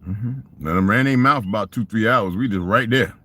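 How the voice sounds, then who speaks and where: Older man, lowish voice; rambling, profane monologue storyteller. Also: fairly quick, sharp tone. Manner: profane, conversational, asks rhetorical questions. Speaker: vlogger.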